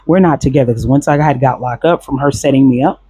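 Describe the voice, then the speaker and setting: Husky man, casual profane storyteller, dry close sound, quotes people as he goes. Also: medium pitch, fast, no room sound. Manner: blunt, profane, animated retelling with quoted voices.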